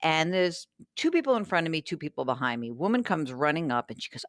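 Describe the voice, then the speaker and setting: A woman hosting a radio show about money, telling a story and reading listener mail in a chatty, animated way. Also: deep voice, fast talker, dry recording, clean studio sound. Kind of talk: casual radio talk.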